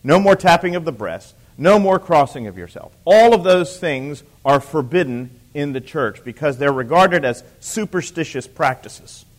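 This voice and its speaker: A man's voice: fairly high pitch, animated, normal speed, hardly any pauses. A man teaching church history to a live class. He repeats key points for emphasis, asks the room questions and throws in dry teasing asides.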